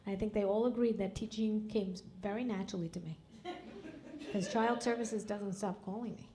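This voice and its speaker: A middle-aged woman tells crude, self-mocking jokes in a stand-up set, speaking at an ordinary pitch into a handheld stage mic. She was recorded live in a comedy club. Loud bursts of audience laughter roll in behind her. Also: steady tone, brisk, a crowd in the background.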